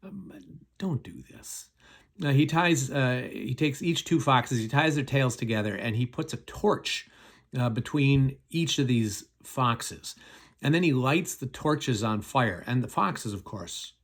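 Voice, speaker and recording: A man's voice: medium pitch, lively intonation, measured pace. Middle-aged man, pastor, chatty folksy storytelling, lots of fillers. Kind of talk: casual Bible storytelling lesson.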